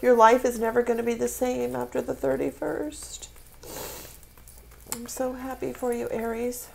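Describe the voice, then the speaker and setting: A woman's voice: on the high side, level tone, measured pace, vocal fry, a little hiss or hum. A woman giving a tarot reading, speaking with spiritual feeling and emotion, close to tears. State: tearful. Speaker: tarot reader.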